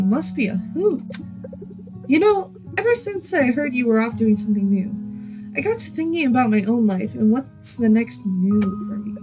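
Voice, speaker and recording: A woman's voice: on the high side, poor audio. A woman voicing an older rancher woman who talks in a homespun way, full of folksy sayings.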